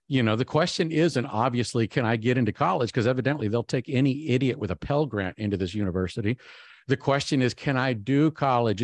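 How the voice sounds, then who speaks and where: A man giving a keynote speech, telling a personal story in an animated way and acting out his own inner voice. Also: medium pitch, no echo. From Texas. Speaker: keynote speaker.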